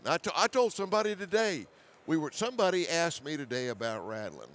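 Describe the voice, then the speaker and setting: A man telling a hunting story as a guest, animated, laughing often, with hurried restarts and repeated words. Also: on the high side, a little hiss or hum. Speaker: hunting show host as guest. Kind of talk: storytelling in conversation.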